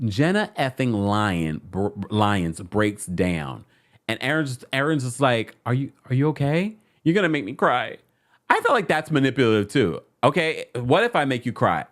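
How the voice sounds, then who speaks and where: Male recap host, chatty and emphatic, pitch jumps all over, mid-range voice. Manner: animated, chatty, repeats phrases for emphasis. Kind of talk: casual recap commentary.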